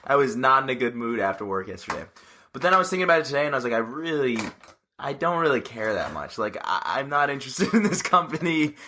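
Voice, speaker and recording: A man's voice: mid-range voice, very animated, fast, sharp tone, a little hiss or hum. A man in his twenties, co-hosting a casual podcast chat, telling rambling stories with restarts and laughs. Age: 20s. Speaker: podcast co-host.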